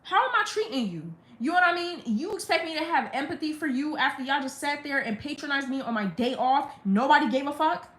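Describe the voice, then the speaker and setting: A woman's voice: sits high, a little fast, few pauses. Heated young woman venting in echoey room. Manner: heated, venting, blunt and profane. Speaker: livestreamer. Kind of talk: live stream storytime rant. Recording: roomy echo.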